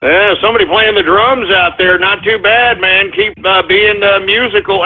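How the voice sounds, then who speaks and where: A man hosting a comedic call-in radio show, theatrical and exasperated, with mock whining and shouting. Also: high-pitched, fairly even intonation, normal speed, few pauses. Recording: tinny lo-fi broadcast.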